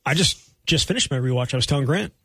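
A man co-hosting sports talk radio, arguing his points quickly with frequent restarts. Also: mid-range voice, expressive, bright, forceful tone, breathy edge, dry recording. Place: radio studio.

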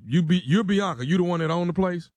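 An angry man phoning a business to complain, blustering and threatening in a slow drawl. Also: high-pitched, a little mellow, dry recording. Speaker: angry caller. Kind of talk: prank phone call. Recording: tinny phone line.

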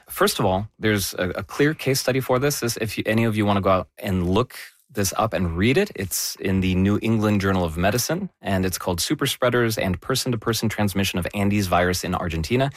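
A man's voice: lowish voice, lively intonation, a little fast, no echo, studio quality. A man explaining health news in an emphatic, conversational way.

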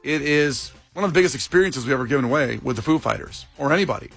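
A man's voice: mid-range voice, animated, racing, vocal fry, fairly bright tone, slightly rough, soft background music. A man hosting a morning radio show, bantering upbeat and joking with his co-hosts. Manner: upbeat, jokey, mock-impersonates callers.

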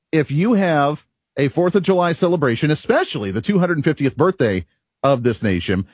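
Husky-voiced male talk radio host. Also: fairly high pitch, no room sound, clean studio sound. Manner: emphatic, rhetorical, chuckles at himself. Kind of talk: opinionated talk radio monologue.

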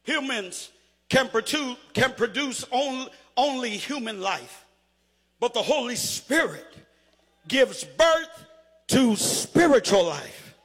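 In a large hall, a man preaches a sermon in a very high-pitched, husky voice with lively intonation and a slow pace. He calls on the congregation to answer back, shouting and drawling phrases and stretching out words for emphasis in call-and-response style.

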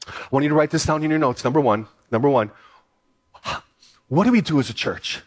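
A male pastor delivers a sermon at a brisk pace, his voice on the high side. He reads scripture aloud and drives his points home with earnest, repeated phrases.

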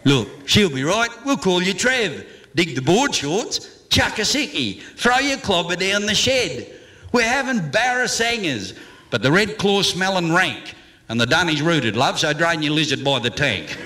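A man's voice: sits high, sing-song, unhurried, bright, forceful tone, heavily acted. A man voicing a tough, cheeky young outback station woman with an Australian accent, in a comic verse yarn. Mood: bossy.

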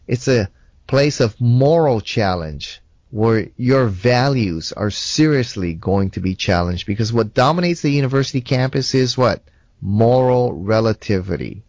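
Guy lecturing at a church seminar, lowish voice, chatty asides, dry close sound. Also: a little mellow, no room sound. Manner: conversational, tells personal anecdotes, frequent "you know". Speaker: Christian apologetics speaker.

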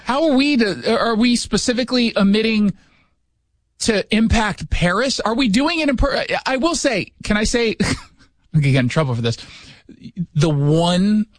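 A man's voice: high voice, lively intonation, moderate pace, no echo. A middle-aged man hosting a radio talk show in a studio, riffing sarcastically and interrupting himself with jokes. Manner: sarcastic, joking, self-interrupting. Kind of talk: casual political commentary.

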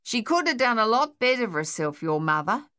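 A woman voicing a sharp-tongued, spry old woman in an audiobook, with a dry, tart, unhurried manner. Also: fairly high pitch, sing-song, clean tone, voice pushed up. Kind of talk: audiobook character voice.

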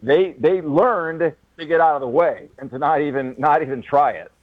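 Radio announcer guy phoning in, tinny line, dry, halting restarts. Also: fairly high pitch, dry recording. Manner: thoughtful, halting, with repeated restarts. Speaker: radio play-by-play announcer, guest. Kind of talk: phone-in interview.

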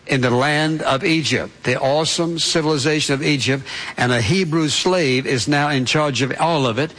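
A man's voice: medium pitch, fairly bright tone, rough recording. A man preaching a sermon, retelling scripture in his own words and speaking to the congregation directly. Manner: asks listeners to picture it as parents and children.

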